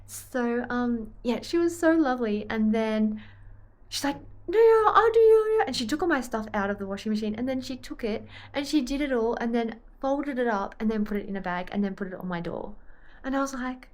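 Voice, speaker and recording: A young Australian vlogger and triathlete chats to the camera about her day, rambling and getting sidetracked easily. Her voice is a little high and darkish in tone, and she speaks briskly.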